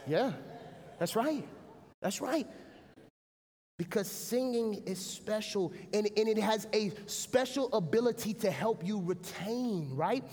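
High-voiced preaching pastor in a reverberant hall. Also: male voice, slow. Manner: animated preaching, often asking "right?" to the congregation. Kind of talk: sermon. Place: church sanctuary. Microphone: stage mic.

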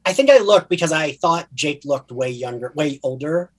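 A co-host from New Jersey talks in a New Jersey accent, chatting casually about a TV series. The pitch moves in a lively way and the voice is a little husky. The talk rambles, full of fillers and restarts. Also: normal speed. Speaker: podcast co-host.

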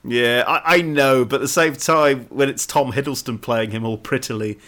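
A man co-hosting a casual film-review podcast, jokey and lively, often laughing. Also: medium pitch, moderate pace. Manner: jokey, lively, breaks into laughs and silly voices. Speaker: podcast co-host.

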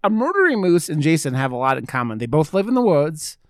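An American podcast co-host with a fairly high voice talks very animatedly and fast in a casual chat, rambling, swearing, and packing in plenty of fillers. The recording is studio quality with no echo.

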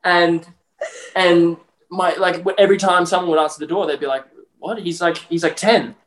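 A man's voice: high voice, steady tone, normal speed, a bit bright. A young Australian man co-hosting a podcast, telling a story in casual chat with lots of fillers and laughs. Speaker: podcast co-host. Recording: roomy echo.

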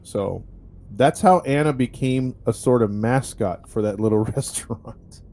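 Mellow-voiced man telling a story. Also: medium pitch, unhurried. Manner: rambling, wry, with many fillers. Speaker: podcast host telling a story. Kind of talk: casual storytelling chat.

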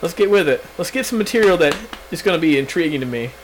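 A brash young man trades profane, mock-boastful jabs on a casual podcast. His voice sits a little high and moves very expressively, with faint hiss in the background. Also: lively intonation, fast talker, poor audio. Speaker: podcast co-host. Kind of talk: casual chat.

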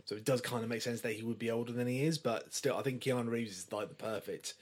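A man's voice: mid-range voice, quick pace, husky. A man, co-hosting a podcast and talking through a film in an enthusiastic, chatty way with casual swearing. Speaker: podcast co-host.

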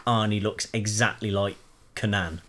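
A man co-hosting a casual podcast chat, laid-back and halting. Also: lowish voice, fairly even intonation, a bit bright. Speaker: podcast co-host.

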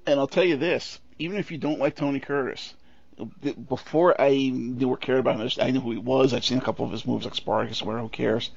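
A middle-aged man co-hosting a podcast in casual chat, animated and full of anecdotes. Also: medium pitch, fast, vocal fry, breathy edge. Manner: animated, tells stories and slips into impressions. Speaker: podcast co-host. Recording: dull lo-fi audio.

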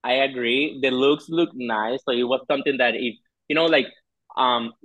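A man with a mid-range voice chats as a podcast guest, animated and quick to act out his reactions. His mic sounds a little dull and dry, as if he is calling in remotely. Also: medium pitch, no echo. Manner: chatty, animated, with acted-out reactions. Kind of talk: casual chat.

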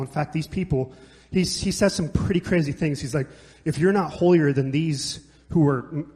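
A man's voice: on the high side, darkish tone. Passionate preacher man in a reverberant hall. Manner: passionate, conversational with jokes and restarts. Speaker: pastor. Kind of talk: sermon.

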